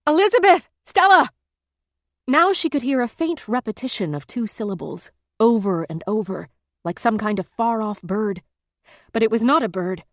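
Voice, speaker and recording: A woman narrating an audiobook in a measured, tense storytelling manner. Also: mid-range voice, expressive, darkish tone, no room sound. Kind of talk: scripted narration.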